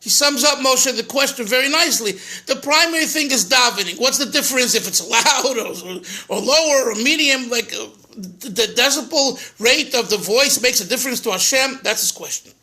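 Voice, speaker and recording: A man's voice: very high-pitched, normal speed, bright, forceful tone. A man, a rabbi, teaching a Torah class, translating phrases line by line with restarts and chuckles.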